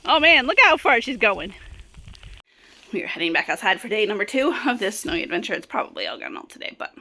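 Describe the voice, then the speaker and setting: Bright, lively young mom vlogging outdoors. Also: female voice, mid-range voice, fast talker. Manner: chatty and excitable, cheering on small children. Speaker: vlog host and mother. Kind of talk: casual family vlog narration. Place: outdoors in the snow, backyard sledding hill.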